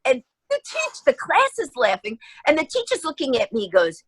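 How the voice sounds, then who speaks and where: Brief: bright, husky-voiced woman stand-up comic, animated storyteller, dry close sound. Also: on the high side, no echo, low-quality recording. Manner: acts out everyone's quotes, quick and lively. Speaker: stand-up comedian guest. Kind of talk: animated storytelling in a radio interview.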